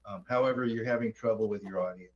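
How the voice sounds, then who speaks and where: Meeting chair, male, lowish voice, procedural and wry, muffled lo-fi sound. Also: fast, slight background noise. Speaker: board chair running a public meeting.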